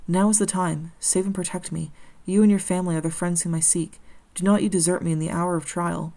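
A woman voicing a gentle, lonely male creature who pleads in earnest, formal, old-fashioned speech. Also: lowish voice, fairly even intonation, fairly quick, close to an everyday voice. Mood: desperate.

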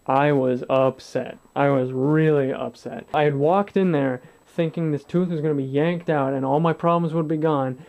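A man's voice: a little high, fairly even intonation, normal speed, creaky, hardly any pauses, highs cut off. A man in his twenties telling a personal story to camera in a blunt, profane way, acting out what others said. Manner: blunt and profane, swears freely, acts out dialogue. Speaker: vlogger.

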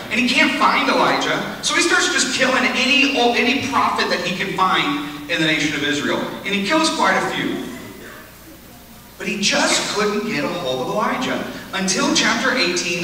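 A man preaching at a camp retreat, telling a Bible story in a lively, conversational way. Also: high voice, moderate pace. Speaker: retreat speaker. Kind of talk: sermon. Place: large hall at a lake camp retreat. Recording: echoey hall, speaker far from mic.

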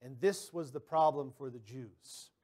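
A man's voice: medium pitch, measured pace, a little mellow. A man preaching a sermon as pastor, talking conversationally with personal stories and often repeating words as he starts a sentence.

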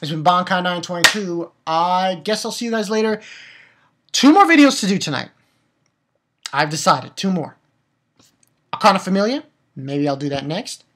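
A woman recaps and rates an anime episode in an excited, unfiltered rush, cursing freely and tripping over her words. Her voice sits somewhat low, with a breathy, husky texture. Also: moderate pace, pauses often. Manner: excitable, blunt, swears, trips over words. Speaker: anime reviewer. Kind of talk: casual spoken episode review.

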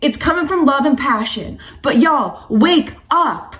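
A woman's voice: high-pitched, animated, unhurried, fairly bright tone. A woman coach and vlogger giving an impassioned, preachy monologue to camera, casual and slangy, calling viewers sweetheart and honey.

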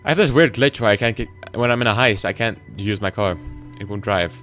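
A teenage boy giving rambling, excitable commentary while playing a video game. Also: on the low side, a little fast, soft background music. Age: teens. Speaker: gaming channel host. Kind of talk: gameplay commentary.

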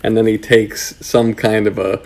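A man's voice: lowish voice, flat delivery, moderate pace, darkish tone. A man from Massachusetts with an American accent, a talent manager telling a story in a rambling, hesitant way. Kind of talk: interview storytelling.

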